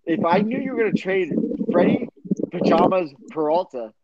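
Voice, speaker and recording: Excitable high-voiced young man. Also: moderate pace. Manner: excitable, swears, animated mocking impressions. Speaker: podcast co-host. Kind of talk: casual chat. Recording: dull sound with loud crowd noise.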